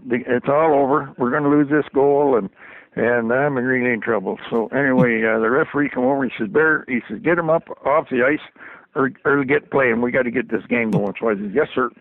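An older man telling a story in a folksy, animated way, chuckling as he goes. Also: mid-range voice, brisk, no echo. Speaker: storyteller guest. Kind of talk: casual anecdote on radio. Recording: tinny phone line on radio.

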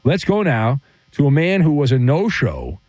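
Teasing radio host, dry studio sound. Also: male voice, medium pitch, wildly swooping pitch, moderate pace, a little mellow, dry recording, low-quality recording. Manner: teasing, playful, mock-dramatic. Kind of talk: sports radio call-in banter.

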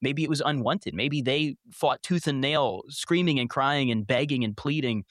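A man's voice: medium pitch, normal speed, a bit bright, no echo, studio quality. A man hosting an interview, talking fluently and asking long questions. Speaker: host.

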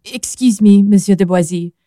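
An actress playing a deferential household maid in a radio drama. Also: female voice, mid-range voice, mellow, dry recording, studio quality, natural voice. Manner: quick and deferential. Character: deferential female household maid, quick and polite.

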